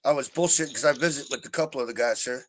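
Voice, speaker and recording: A man's voice: mid-range voice, rapid-fire, dry recording, poor audio. A man telling a story in casual chat, profane and fuming, in a rambling rant. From Southern Oregon coast, USA. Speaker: livestream chat participant. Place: trailer park home.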